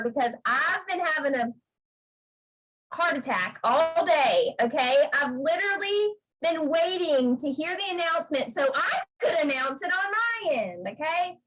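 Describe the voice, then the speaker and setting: Woman, high voice, pep talk, emphatic, video call. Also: a bit bright, slight background noise, low-quality recording. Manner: emphatic, repeats "okay?" to drive points home. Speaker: guest speaker on a sales team video call.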